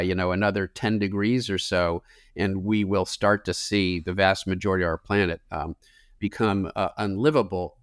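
A man's voice: lowish voice, no room sound, clean studio sound. A climate scientist man answering interview questions in an earnest, explanatory way with occasional fillers.

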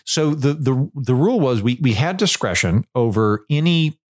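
A man telling stories in a casual chat as a podcast guest, animated and acting out other people's lines. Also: mid-range voice, normal speed.

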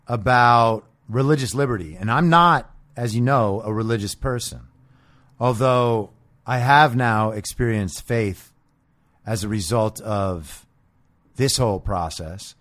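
A man's voice: mid-range voice, expressive, a little slow, fairly bright tone. A man hosting a political podcast, delivering a combative, profane monologue full of sarcastic rhetorical questions. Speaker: podcast host.

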